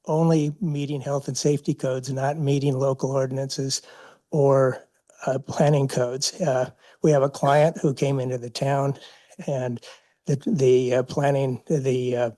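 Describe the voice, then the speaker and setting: A man gives public comment at a town council meeting in a flat, even, mellow voice. He is measured and halting, with fillers. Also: mid-range voice.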